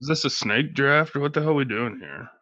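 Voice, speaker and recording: A man with a bright, edgy voice making blunt, deadpan remarks as a podcast co-host. His sound is dull and lo-fi, and the mic is dry with no room. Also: medium pitch, fairly quick, no room sound. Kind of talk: casual chat.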